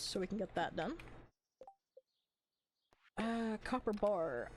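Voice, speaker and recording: A young woman live-streaming a game, rambling in a chatty, easygoing way with her viewers. Her voice sounds a little hoarse after hours of talking, and her pitch sits in a middle range. A faint hiss of background noise runs under the desk mic. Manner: chatty, rambling, with frequent likes and small laughs. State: slightly hoarse from long talking. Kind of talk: casual live-stream chat while playing.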